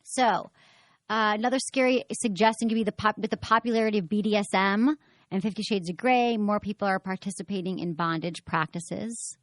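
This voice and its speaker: A woman's voice: mid-range voice, a little fast, dry recording. A woman hosting a sex advice podcast in casual, frank chat. She is chatty and often acts out the voices of the people she quotes.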